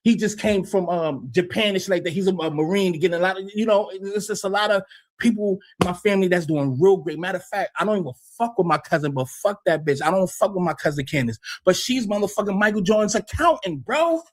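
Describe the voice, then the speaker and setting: A man's voice: high voice, expressive, fast talker. An American man hosting a livestream, ranting in a heated, profane, combative way and often repeating himself. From United States. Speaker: livestream host.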